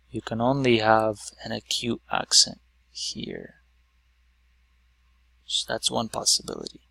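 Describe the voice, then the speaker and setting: A man's voice: mid-range voice, vocal fry, pushed and bright, dry recording. A man teaching a lesson at a whiteboard, explaining patiently step by step with some fillers.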